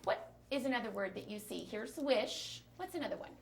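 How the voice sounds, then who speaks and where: A woman teacher runs a small-group phonics lesson, modeling each sound slowly and clearly. Her voice has a gravelly, fry-tinged edge. She sits some way from the mic, with faint noise underneath. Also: a little high, animated, far from the mic.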